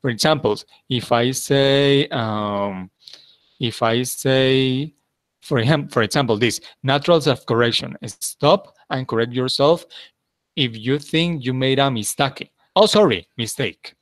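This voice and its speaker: A man's voice: medium pitch, takes it slowly, dry recording. Patient male English teacher, dry sound. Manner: patient, repeats instructions and checks with "okay?". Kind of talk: classroom instruction.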